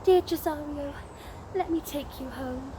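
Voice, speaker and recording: A woman's voice: sits high, unhurried, noisy background. A woman voicing a determined young noblewoman, commanding with some and tender with others, in a storybook telling.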